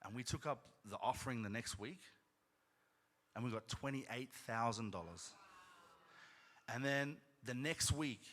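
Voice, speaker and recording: Male pastor, sermon, chatty storytelling, asks "right?" often, bright forceful tone, long church reverb. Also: medium pitch, a little slow, long pauses, slight background noise. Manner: conversational, frequent "right?" asides, rising to loud emphatic peaks. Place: church sanctuary.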